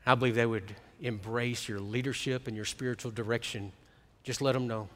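A middle-aged man preaching a sermon as pastor, swinging from hushed, quiet stretches to emphatic ones. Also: medium pitch, steady tone, quick pace, in a large hall.

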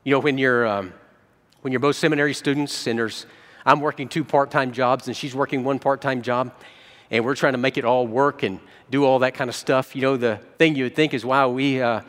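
A man preaching a sermon as a pastor, telling stories and jumping between soft low asides and excited quoted voices. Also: fairly quick, long reverb tail.

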